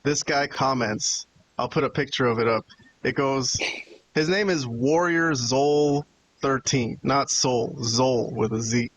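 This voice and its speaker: In a low-quality recording with slight background noise, a wrestling podcast host speaks at a measured pace and medium pitch. He keeps it casual, rambling and cursing while venting to his co-hosts.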